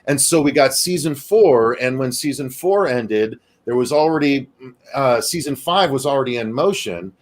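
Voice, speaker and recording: A man co-hosting a casual live show, chatting in an easygoing way with quick asides and some swearing. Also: mid-range voice, lively intonation. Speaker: podcast co-host. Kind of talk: casual chat.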